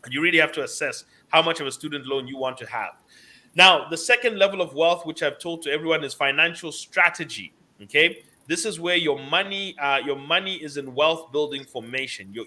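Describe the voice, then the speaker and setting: A man's voice: on the high side, pushed and bright. A man giving financial advice on a talk show, lecturing emphatically and repeating key words for stress. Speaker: financial commentator.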